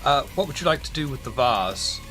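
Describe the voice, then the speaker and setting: A man's voice: medium pitch, lively intonation, brisk, bright, forceful tone, faint music behind. A man with a Scottish accent running a tabletop game as storyteller, trading jokes and casual swearing with his players. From Scotland. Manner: joking banter, swears freely.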